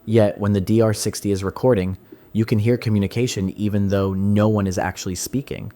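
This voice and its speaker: Mellow low man narrating in voice-over. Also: fairly even intonation, brisk.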